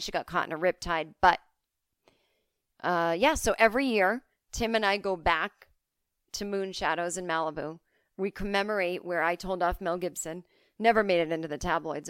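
Woman comedian, podcast host, deadpan rambling storyteller, smooth voice, dry close sound. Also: fairly low pitch, moderate pace, no echo. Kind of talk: comic storytelling monologue.

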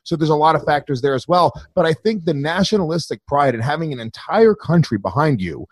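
A man hosting a podcast, asking questions in a quick, sweary, casual way. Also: fairly high pitch, lively intonation, no room sound. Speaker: podcast host.

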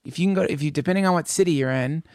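A man with a fairly high voice, chatting as a podcast co-host. He tells stories in an animated, joking way and riffs freely. The sound is dry and close to the mic. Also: very fast, dry recording. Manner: animated storyteller, jokey riffs. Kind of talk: casual chat.

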